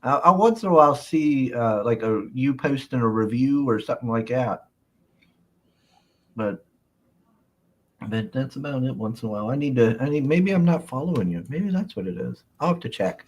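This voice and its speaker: A man's voice: medium pitch, expressive, moderate pace. A man hosting a casual live chat show, reading viewer comments with playful mock indignation and frequent laughter. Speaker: host.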